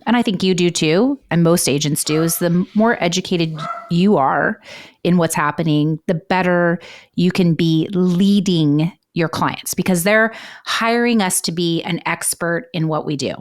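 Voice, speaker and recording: A woman's voice: lowish voice, a little slow. A middle-aged woman co-hosting a real estate podcast, bubbly and emphatic, with a playful edge. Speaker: podcast co-host. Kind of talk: casual chat.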